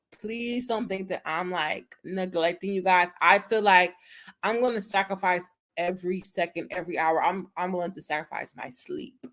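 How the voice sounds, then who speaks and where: Blunt, gravelly-voiced woman livestreamer. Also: fairly low pitch, fairly bright tone. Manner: blunt, cusses freely, speaks to viewers as y'all. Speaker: livestream host. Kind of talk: casual live-stream chat.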